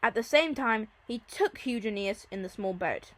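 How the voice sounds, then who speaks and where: Upbeat woman tutor going thru latin lines, chatty, kinda high voice. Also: expressive, normal speed. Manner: chatty, enthusiastic, repeats key terms. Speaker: Latin teacher. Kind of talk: informal exam-revision lesson.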